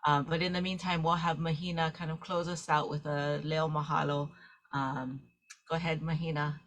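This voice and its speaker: A teary-eyed woman hosting an online gathering, talking in a halting way with many fillers over a video call. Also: deep voice, flat delivery, fairly bright tone. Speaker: host.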